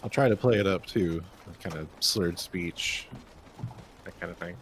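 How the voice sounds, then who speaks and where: A man's voice: sits low, measured pace, a bit bright, slight background noise. A man playing a tabletop game, talking about his moves in a laid-back, dry way. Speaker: player.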